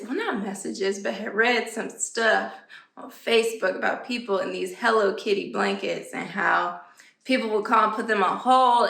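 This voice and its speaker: A woman vlogger telling a story in a chatty, animated way and acting out the people she quotes in a much higher voice. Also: vocal fry. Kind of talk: casual storytelling vlog. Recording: echoey room.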